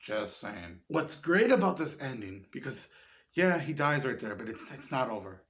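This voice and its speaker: A man reviewing a horror movie in a casual, rambling way, swearing often and getting excited. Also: mid-range voice, moderate pace. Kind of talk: casual chat.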